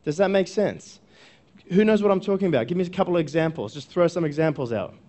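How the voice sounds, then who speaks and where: A man's voice: fairly high pitch, animated, fast talker, mellow. A male coach giving a live seminar talk to an audience, conversational, often checking in with the room and repeating phrases. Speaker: workshop speaker and coach.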